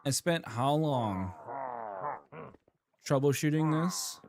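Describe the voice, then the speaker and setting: A man's voice: on the high side, slow pace, gravelly, crowd noise. A man streaming a game, chatting casually with his viewers and playfully exasperated with himself. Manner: animated, exasperated, laughing at himself. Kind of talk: casual live-stream chat.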